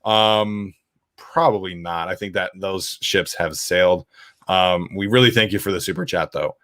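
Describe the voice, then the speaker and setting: A man's voice: low-pitched, normal speed, a bit bright, dry recording, studio quality. A young man hosting a casual sports podcast, reading out viewer questions and rambling with lots of fillers. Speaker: podcast host.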